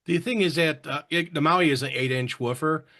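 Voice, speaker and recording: Hosting a laid-back online roundtable, a man with a slightly high, bright, forceful voice talks at normal speed. He's chatty, greeting viewers and reading their comments aloud.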